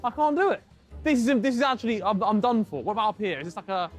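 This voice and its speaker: A young man with a high voice mutters his way through a huge indoor arcade, exasperated and mocking himself. Soft music plays faintly behind him. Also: lively intonation, very fast. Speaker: seeker in a hide and seek video. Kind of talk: casual self-commentary while searching.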